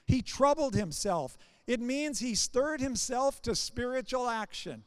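A man's voice: extremely high pitch, animated, a little slow, clear, resonant tone, dry recording. A man preaching a sermon, building his points in short, repeated phrases.

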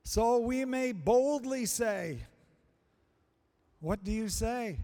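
A male preacher delivering a sermon, slow and emphatic, repeating phrases for stress. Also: very high voice, animated, warm tone. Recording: long hall reverb.

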